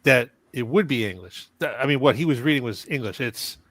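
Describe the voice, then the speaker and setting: A man chatting on a stream, explaining his point in a measured, step-by-step way. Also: medium pitch, expressive, fairly bright tone, no room sound. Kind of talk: casual group chat.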